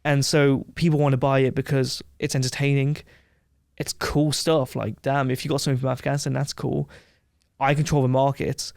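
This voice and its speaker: A man as a podcast guest, telling rambling, animated anecdotes with frequent laughs in a casual interview. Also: medium pitch, moderate pace, vocal fry, no room sound, studio quality.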